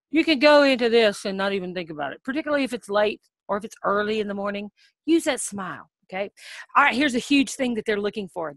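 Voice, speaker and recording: A middle-aged woman with a fairly high voice talks straight to camera, coaching would-be online English teachers in an upbeat, practical way. She keeps checking in with "okay?", and when she models a word she slows into a drawn-out, exaggerated teacher voice. The sound is close and dry, with no room around it. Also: fairly bright tone, no echo. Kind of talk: casual instructional talk to camera.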